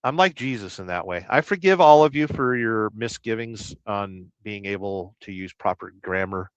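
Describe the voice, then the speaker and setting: A man from Southern California hosting a casual trucking livestream. He reads viewer comments aloud and rambles through deadpan, absurd jokes. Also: on the low side, normal speed, smooth, dry recording. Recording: dry, slightly dull lo-fi sound.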